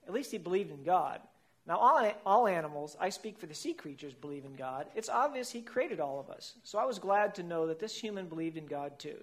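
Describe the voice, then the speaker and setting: A man's voice: high voice, expressive, fairly quick, a bit bright. Playful man telling a comic story. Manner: playful, comic, laughing at his own lines. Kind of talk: first-person storytelling as a whale.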